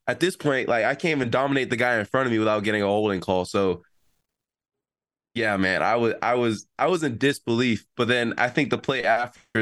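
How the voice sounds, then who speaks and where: A man's voice: fairly low pitch, dry recording, studio quality. A young man, a college football player, telling in casual chat how a play went, acting out what people said. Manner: animated storytelling, acts out quotes.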